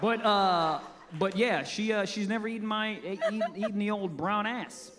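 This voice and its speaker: A man's voice: high-pitched, moderate pace, background noise. A man co-hosting a live comedy podcast on stage, rambling through goofy, crude stories. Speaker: podcast co-host. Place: live stage show before an audience.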